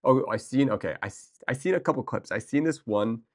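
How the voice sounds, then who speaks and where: On a livestream, a man talks casually and excitably with his viewers, rambling, restarting sentences and answering chat. His pitch is medium and his pace brisk.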